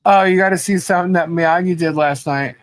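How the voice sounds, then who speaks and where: A woman's voice: lowish voice, a little fast, dry recording. A woman co-hosting a podcast, chatty and scattered as she hunts for a video, laughing often. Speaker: podcast co-host. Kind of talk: casual chat.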